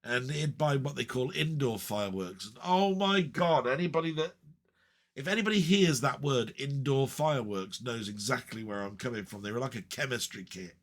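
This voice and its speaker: A man's voice: mid-range voice, expressive, moderate pace. A man rambling in a casual, chatty way with frequent ums and asides as a retro gaming vlogger.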